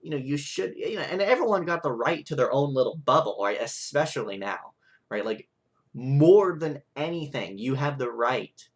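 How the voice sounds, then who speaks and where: A man's voice: medium pitch, animated, moderate pace. Rambling, frustrated young man. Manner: rambling, frustrated, full of "like" and "right?". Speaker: vlogger. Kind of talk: ranting monologue.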